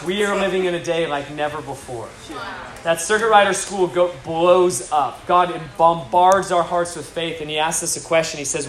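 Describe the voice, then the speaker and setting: A man preaching a sermon, telling stories with rising energy and occasional excited shouts. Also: a little high, normal speed. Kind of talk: sermon with storytelling. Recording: roomy hall with faint crowd.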